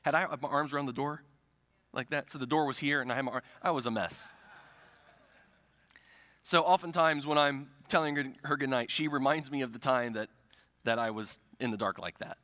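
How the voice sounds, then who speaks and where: A man's voice: medium pitch, fairly quick, long pauses, pushed and bright, big-room sound. A middle-aged male pastor preaching a sermon, telling stories and asking rhetorical questions, in a church sanctuary.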